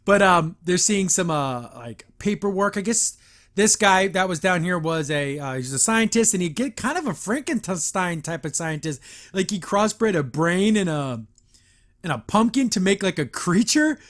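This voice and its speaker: Chatty, high-voiced male podcast host. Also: sing-song, moderate pace, fairly bright tone. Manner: chatty, retells scenes acting out lines, laughs often. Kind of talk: casual episode review.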